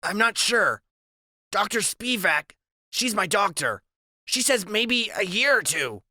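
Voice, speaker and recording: Small brainy boy voiced by a man, lofty old-fashioned phrasing, raised pitch, dry recording. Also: big pitch swings, slow pace, sharp tone, no echo, exaggerated voice. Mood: eager. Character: small brainy boy, grand bookish talker.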